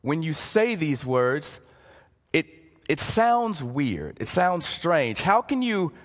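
A man preaching a sermon as a pastor, dramatic in delivery, dropping to hushed phrases to stress a point. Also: fairly high pitch, big pitch swings, slow pace, big-room sound. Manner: dramatic, drops to near-hushed phrases for emphasis. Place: church sanctuary.

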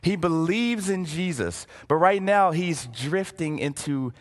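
A man preaching a sermon as a pastor, dramatic in delivery, dropping to hushed phrases to stress a point. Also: fairly high pitch, animated, unhurried, in a large hall. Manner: dramatic, drops to near-hushed phrases for emphasis. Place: church sanctuary.

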